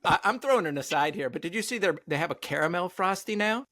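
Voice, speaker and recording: A man's voice: sits high, animated, quick pace, sharp tone. A man guesting on a podcast, chatting casually in an easygoing way and laughing often. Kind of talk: casual chat.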